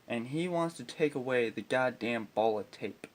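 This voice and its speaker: A man's voice: medium pitch, animated, moderate pace, hardly any pauses. A teenage boy telling a profane comic story about school, ranting with constant swearing and exasperation. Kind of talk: profane comedic storytelling with guitar.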